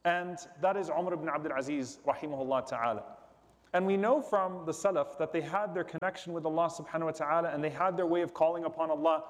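A man giving a sermon, slowly explaining and repeating a supplication line by line. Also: a little high, long reverb tail.

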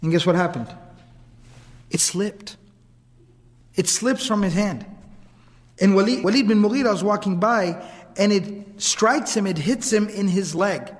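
A man preaching a story in a lively, dramatic manner, often acting out the people in it. His voice sits high and bright. A long hall reverb trails after his words. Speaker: preacher narrating seerah. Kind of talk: storytelling sermon.

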